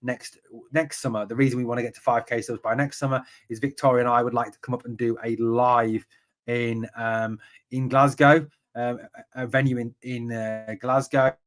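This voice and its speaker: Chatty English football podcast host. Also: male voice, mid-range voice, flat delivery, moderate pace. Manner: chatty, reads out comments and answers them with many ums. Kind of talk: live-stream football podcast, reading viewer chat.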